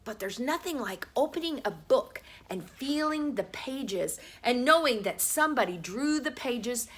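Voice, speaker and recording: Preschool teacher, woman, middle-aged: unhurried delivery, crisp bright tone, drawn-out letter sounds. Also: fairly high pitch, expressive. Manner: slow, sounding out letters for small children. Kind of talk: home preschool lesson.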